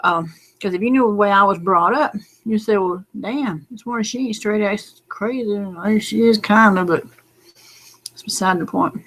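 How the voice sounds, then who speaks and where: A woman's voice: medium pitch, moderate pace, fairly bright tone. A middle-aged woman, talking in a late-night casual vlog, rambling and folksy, drowsy and close to tears. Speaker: lottery number vlogger.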